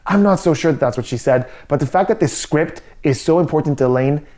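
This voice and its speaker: A man's voice: on the high side, a little fast, mellow. A man giving skeptical, methodical body language commentary. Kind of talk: analytical commentary.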